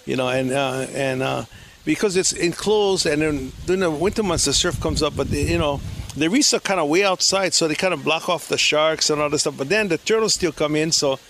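A man's voice: fairly high pitch, fairly quick, a bit bright, slight background noise. An older man from Hawaii, a slack key guitarist, rambling through stories with many fillers in a casual interview outdoors. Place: outdoors at a beach resort.

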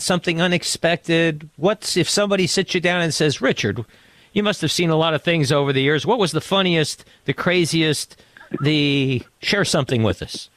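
A man's voice: on the high side, a bit bright, no room sound. A man hosting a radio show, asking rambling questions full of restarts in a studio. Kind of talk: radio interview.

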